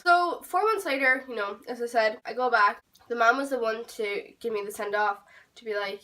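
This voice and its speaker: Young woman, storytime vlog, rambling, swears, fairly high voice, distant mic. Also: normal speed. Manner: rambling, animated, swears freely. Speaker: vlogger. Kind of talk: storytime vlog, casual chat. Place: home room. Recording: voice a bit far from the mic.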